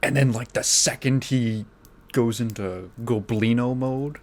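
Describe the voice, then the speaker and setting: A man hosting a casual solo podcast, rambling with many fillers and restarts, his throat phlegmy so he keeps clearing it. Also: medium pitch, unhurried, darkish tone. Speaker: podcast host.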